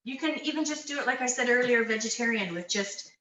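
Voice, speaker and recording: A woman's voice: a little high, fast talker, pushed and bright, slight background noise, low-quality recording. Chatty woman demonstrating a recipe. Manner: chatty, enthusiastic storyteller. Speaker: cooking demonstrator. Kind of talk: casual cooking demo. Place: community kitchen.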